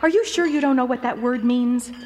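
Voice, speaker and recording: A woman playing a gentle evasive mother. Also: high-pitched, fairly quick, long reverb tail, natural voice. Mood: soothing. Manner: gentle, deflecting. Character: patient, evasive mother at breakfast.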